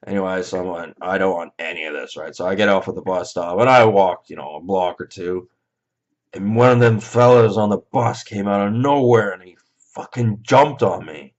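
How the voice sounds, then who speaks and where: A man's voice: fairly low pitch, normal speed. A Canadian man recounting a dream in a rambling, hesitant way, full of fillers and restarts. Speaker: vlogger. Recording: slightly dull lo-fi audio.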